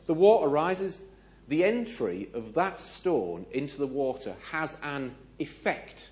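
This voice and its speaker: Animated British man telling a story. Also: mid-range voice, lo-fi sound. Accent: British English. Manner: animated, asks audience questions, acts out dialogue. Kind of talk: storytelling sermon.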